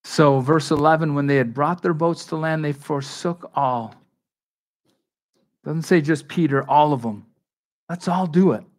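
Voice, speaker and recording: A man preaching a sermon in a conversational, animated way, acting out the dialogue of Bible figures. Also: fairly high pitch, a little slow, pauses often. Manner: conversational with frequent restarts and asides. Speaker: pastor.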